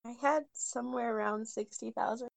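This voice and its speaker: A woman's voice: on the high side, steady tone, brisk, creaky, dry recording. A woman co-hosting a casual chat among friends, chiming in with laughs and short remarks. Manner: laughing, light interjections. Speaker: podcast co-host. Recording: loud crowd noise behind.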